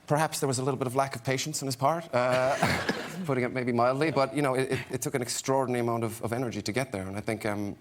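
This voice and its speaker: A man's voice: mid-range voice, steady tone, fast, hardly any pauses. A man being interviewed as a guest on a chat show, talking with many fillers and restarts. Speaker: guest actor. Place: TV studio with audience.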